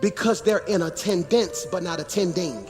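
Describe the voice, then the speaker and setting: A man in his forties, a pastor preaching in a church sanctuary, animated, with shouted and sing-song phrases. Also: high-pitched, moderate pace, over loud music. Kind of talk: sermon.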